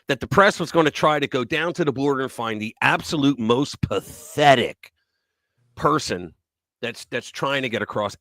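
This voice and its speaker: A man hosting a live news talk stream, talking in a casual, mocking way and swinging between loud remarks and muttered asides. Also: medium pitch, dry recording.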